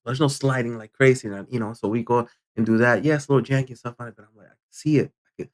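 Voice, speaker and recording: An older man, a gaming channel host, telling a rambling story in a casual vlog, halting often and clearing his throat. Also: medium pitch, steady tone.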